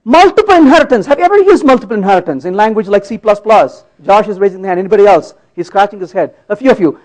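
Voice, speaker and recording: A man's voice: sits high, lively intonation, fast, darkish tone, poor audio. A man giving a conference talk while live-coding, playful and teasing with the audience, often checking that they follow. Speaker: conference speaker. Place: conference hall.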